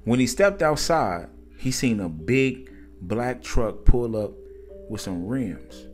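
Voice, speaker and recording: A man narrating a casual story in a conversational, slangy, animated way. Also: mid-range voice, takes it slowly, faint music behind.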